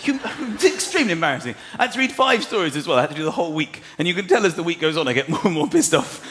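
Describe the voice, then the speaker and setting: A man in his thirties performing a stand-up comedy routine, acting out exasperated voices and shouting lines. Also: a little high, big pitch swings, racing, a little hiss or hum. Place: large theatre stage before a live audience. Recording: roomy live theatre with crowd laughter.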